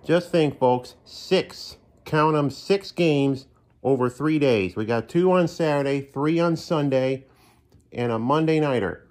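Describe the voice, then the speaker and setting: A man's voice: on the high side, takes it slowly, a little mellow. A man hosting his own podcast from his living room, chatting in a folksy, self-deprecating way. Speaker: podcast host. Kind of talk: casual solo podcast monologue.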